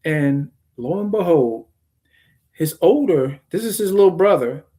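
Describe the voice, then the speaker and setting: A man's voice: fairly high pitch, animated, a little slow, warm tone. Male host, informal sermon storytelling, keeps checking in with listeners. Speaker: teacher and channel host.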